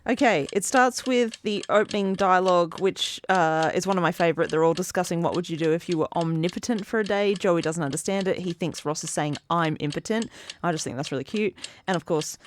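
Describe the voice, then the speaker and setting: A woman's voice: lowish voice, a little fast, slight background noise. A woman in her thirties co-hosting a casual podcast, an enthusiastic fan who giggles often as she talks. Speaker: podcast co-host.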